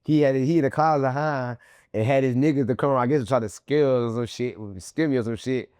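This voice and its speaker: A man being interviewed as a guest, telling his story in animated, profane slang and acting out what others said in a raised voice. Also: mid-range voice, quick pace, smooth, no room sound, studio quality. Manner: acts out quoted people in a raised voice.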